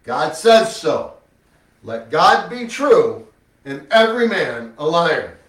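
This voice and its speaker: Man preaching, fairly high voice, emphatic, rhetorical questions, roomy echo, mic set back. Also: very animated, slow pace. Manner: emphatic, rhetorical questions, swings between loud and hushed. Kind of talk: sermon with scripture reading. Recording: echoey room, mic at a distance.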